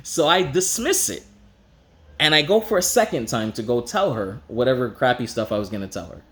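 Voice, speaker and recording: A middle-aged man telling a personal story in a casual, frank way, acting out the people he quotes with a raised pitch. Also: expressive, a little fast, a bit bright. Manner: casual, frank, occasional swearing.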